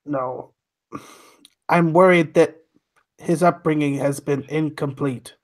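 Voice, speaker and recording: A man's voice: a little high, steady tone, slow pace. A man voicing an earnest, literal-minded male droid who talks in stiff, formal phrasing.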